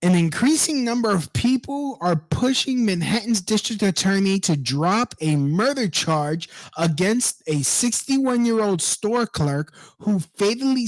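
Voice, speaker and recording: A man's voice: sits high, no room sound. A man reading a news story aloud and ranting about it, profane and indignant, breaking off to mock the people in it. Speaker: online commentator.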